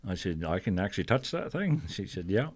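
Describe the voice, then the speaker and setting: A man's voice: deep voice, fairly quick. An older man from New Brunswick, a guest singer-songwriter telling stories in a talk-show chat. He acts out other people's voices and chuckles often. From Fredericton, New Brunswick, Canada. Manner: lively storyteller who acts out quoted voices and chuckles often. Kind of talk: casual storytelling in a TV interview.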